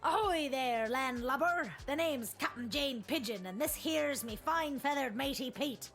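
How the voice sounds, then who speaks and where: A woman's voice: sits high, measured pace, fairly bright tone. A woman voicing a boisterous female pirate captain in a video game, full of hearty pirate slang and growly laughs. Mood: rowdy. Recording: game audio with faint music.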